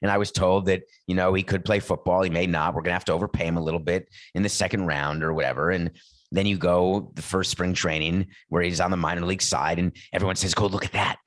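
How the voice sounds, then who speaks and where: Blunt, opinionated man with a low voice. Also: fairly even intonation, quick pace, no room sound. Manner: blunt, emphatic, talks off the cuff. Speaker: podcast host. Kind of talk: opinionated sports talk monologue.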